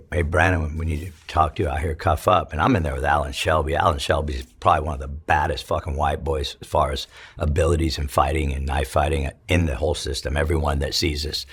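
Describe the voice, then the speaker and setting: A middle-aged man from California, telling his story in an interview, profane and halting with many restarts. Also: rumbling low, slightly rough. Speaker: interview guest, former prisoner. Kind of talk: emotional storytelling.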